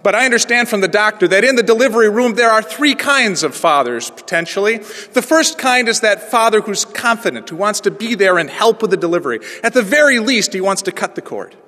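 A pastor in his forties preaching a sermon through a personal story, moving from hushed, quiet passages to ringing proclamation. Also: high-pitched, lively intonation, fairly quick, few pauses. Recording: long reverb of a large hall.

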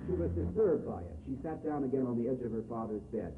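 A man reading a novel aloud and explaining it in a measured, explanatory way. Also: medium pitch, expressive, recorded from a distance. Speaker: reader and teacher. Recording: echoey, phone-like, faint hiss.

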